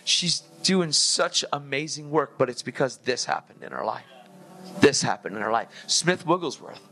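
A man preaching an energetic sermon, telling his testimony in a casual way, full of "dude" and "like" and acted-out dialogue. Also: medium pitch, normal speed, creaky, a little hiss or hum.

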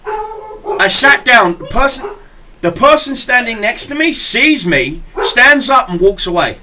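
Young man, podcast host, crisp bright tone, profane, animated storytelling. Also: very high voice, unhurried, slight background noise. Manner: animated, profane, acts out quoted people. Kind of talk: casual chat, storytelling.

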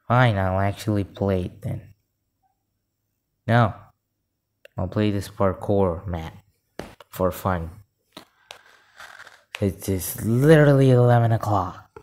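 A man giving live gameplay commentary, excitable and easily frustrated, often saying "literally". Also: on the low side, vocal fry. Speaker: gaming video creator.

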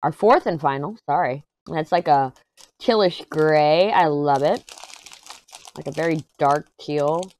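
A woman chatting casually and excitedly through a diamond painting unboxing. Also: low voice, measured pace. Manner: chatty, excited, hums while working. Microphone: desk mic.

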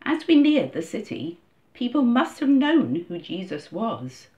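A woman reading a scripted first-person reflection at a church service, in a measured storytelling manner. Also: fairly high pitch, big pitch swings, a little mellow. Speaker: church reader. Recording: dull lo-fi recording.

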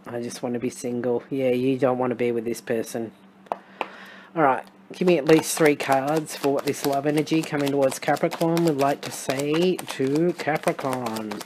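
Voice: medium pitch, moderate pace, noisy background. Wry Australian tarot reader musing aloud. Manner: musing, chatty, with wry sarcastic asides; thinks aloud with frequent restarts and fillers. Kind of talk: casual tarot reading to camera.

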